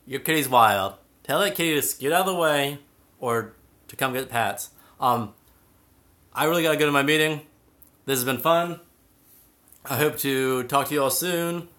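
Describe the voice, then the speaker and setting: A man's voice: mid-range voice, normal speed, long pauses, bright, forceful tone. Chatty young man reading viewer comments. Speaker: cat channel host. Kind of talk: casual live stream chat.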